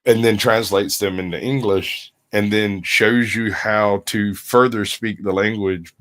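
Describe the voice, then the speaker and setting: A man in casual podcast chat, joking around and telling stories with frequent pauses and fillers. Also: lowish voice, steady tone, a bit bright. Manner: jokey, storytelling, frequent uh fillers.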